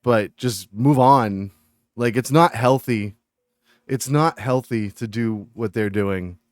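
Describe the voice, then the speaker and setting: Smooth-voiced man ranting on a live stream. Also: mid-range voice, slow, dry recording, clean studio sound. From Massachusetts. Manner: animated ranting, reading chat aloud. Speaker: game streamer. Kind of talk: casual live-stream chat.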